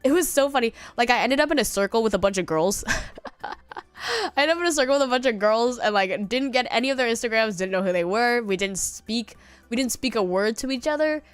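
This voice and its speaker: A woman's voice: on the high side, expressive, a little fast, clear, resonant tone, dry recording, faint music behind. A congested young woman streamer chatting casually and rambling, now and then singing bits of songs. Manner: rambling, sings snatches of songs. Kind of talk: casual chat.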